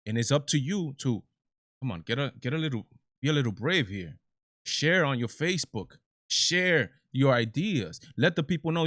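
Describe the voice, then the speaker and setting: A man hosts his own live commentary stream. His voice sits at a middle pitch and he talks emphatically, often stumbling over repeated words before pressing on. The sound is dry and close. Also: fairly bright tone, no echo. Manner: emphatic, repetitive restarts. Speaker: show host.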